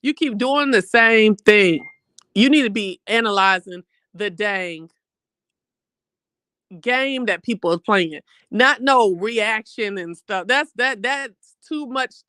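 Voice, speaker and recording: A casual live-stream host talks through a reality show recap in an animated, colloquial way, calling the listeners "baby." The voice sits in a middle register. It is recorded dry and close, with no room sound. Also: mid-range voice, slow, clean tone, no room sound. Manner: animated, chatty, calls viewers "baby". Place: home streaming setup.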